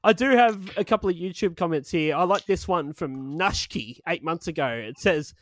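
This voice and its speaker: A man's voice: a little high, moderate pace, no echo. A man co-hosting a podcast in casual banter, laughing often, swearing and reading comments aloud. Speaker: podcast co-host.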